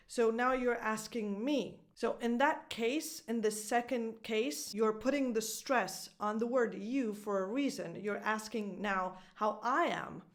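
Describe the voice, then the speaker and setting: A woman's voice: on the high side, a little slow. Upbeat woman coaching pronunciation. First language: Italian. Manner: upbeat, clear teaching delivery with modeled example phrases. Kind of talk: online pronunciation lesson.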